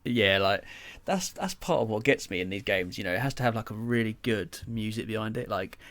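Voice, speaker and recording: A young man with a lowish voice chats loosely on a podcast, stringing thoughts together with lots of fillers and offhand swearing. The sound is close and dry, with no room around it. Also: brisk, a bit bright, no room sound. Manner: rambling storyteller, filler-heavy, swears casually. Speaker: podcast co-host. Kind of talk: casual chat.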